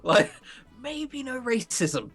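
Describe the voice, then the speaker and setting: A man's voice: extremely high pitch, wildly swooping pitch, takes it slowly, a bit bright, faint music behind. A man bantering on a live stream, joking around and teasing his co-host.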